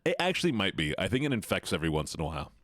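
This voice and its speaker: A man's voice: low-pitched, very animated, very fast, a bit bright, no echo, clean studio sound. A man live-streaming in a playful, joking way, sounding nasal and stuffed-up as he teases his chat. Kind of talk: casual live-stream chatter.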